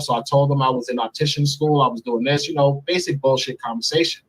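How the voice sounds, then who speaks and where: A man's voice: mid-range voice, fairly even intonation, quick pace, poor audio. A man as an interview guest, bluntly and profanely telling a personal story. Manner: blunt and profane, speaks freely.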